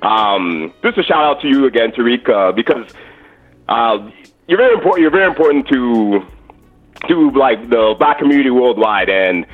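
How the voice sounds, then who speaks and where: A man's voice: medium pitch, expressive, moderate pace, soft background music. A man from Canada calling in to a show, talking with many restarts and fillers. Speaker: caller. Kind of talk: call-in chat. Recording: dull lo-fi phone line.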